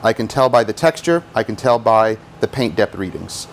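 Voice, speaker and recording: A man's voice: fairly low pitch, animated, moderate pace, vocal fry, slight background noise. A man who details cars, explaining paint polishing in a casual, chatty how-to style and joking at his own expense. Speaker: car detailer teaching polishing.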